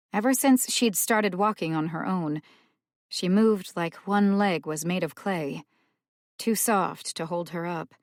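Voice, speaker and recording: A woman reading a thriller audiobook as narrator in a measured, unhurried way. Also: lowish voice, no room sound, studio quality. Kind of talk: scripted narration.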